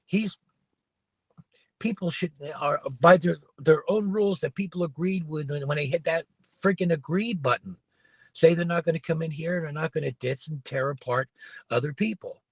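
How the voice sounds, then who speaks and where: A man livestreams casually from his parked car, voicing opinions in a rambling way and restarting often. His voice is a little high with a breathy edge, his pace moderate, and the recording dry.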